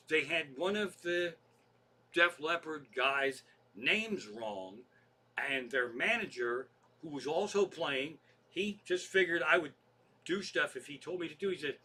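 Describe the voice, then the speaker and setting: A comedian telling rambling, profane anecdotes in a casual monologue. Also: male voice, a little high, sharp tone. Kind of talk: storytelling podcast monologue.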